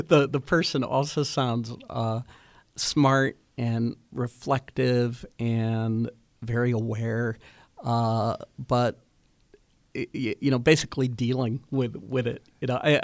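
Male radio host, gravelly voice, dry studio sound, halting and rambling with lots of fillers. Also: mid-range voice, fairly even intonation, no echo. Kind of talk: radio interview.

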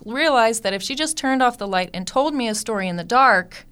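A woman in her thirties telling a personal family story with lively, animated delivery. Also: mid-range voice, brisk, clean tone. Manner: lively, animated retelling with acted-out quotes. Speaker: storyteller guest.

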